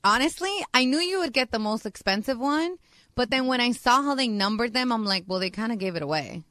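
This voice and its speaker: Bright-voiced woman, laid-back chat. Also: on the high side, lively intonation, a little fast, no echo, studio quality. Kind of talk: casual chat.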